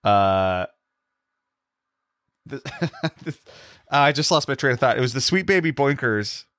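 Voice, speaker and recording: A man's voice: medium pitch, animated, slow pace, a bit bright, no echo. Chatty laughing man, dry close sound. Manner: chatty, laughs along, loses his thread. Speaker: podcast co-host. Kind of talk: casual chat.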